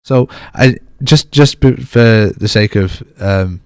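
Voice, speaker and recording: Bantering man, low and dry. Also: darkish tone, clean tone, dry recording. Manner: bantering, self-deprecating, quick laughs. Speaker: podcast co-host. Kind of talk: casual podcast chat.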